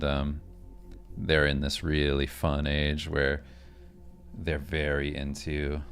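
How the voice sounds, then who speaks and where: A man in his thirties casually chatting on a livestream, telling stories with laughs. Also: a bass voice. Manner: laughing storyteller. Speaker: streamer.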